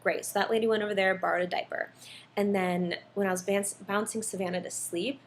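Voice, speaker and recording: A young mom talks casually to her viewers in a mid-pitched voice, rambling through stories with plenty of ums and likes. There is a faint hiss of noise behind her. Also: steady tone, a little fast. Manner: chatty, storytelling, many ums and likes. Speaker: vlogger, mom. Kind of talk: casual chat.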